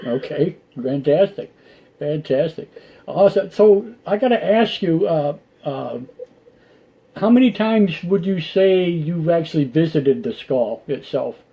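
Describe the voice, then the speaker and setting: A man's voice: on the high side, lively intonation, dark tone. Man hosting with eager reactions. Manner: encouraging, with frequent reactions and quick laughs. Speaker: radio host. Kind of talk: call-in radio interview.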